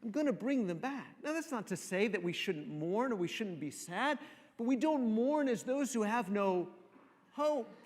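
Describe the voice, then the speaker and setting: A man preaching a sermon, repeating phrases for emphasis and dropping to soft, slow pauses. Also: high-pitched, animated. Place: church sanctuary. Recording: long reverb of a church hall.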